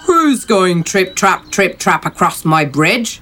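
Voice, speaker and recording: Woman doing a storybook troll, male, ugly, roaring, slow and loud, swinging pitch. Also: sing-song, background noise.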